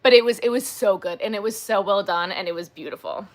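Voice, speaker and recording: A woman's voice: medium pitch, fast. A woman hosting a crochet livestream, chatting casually and rambling, with frequent "like" and "um" and gushing asides.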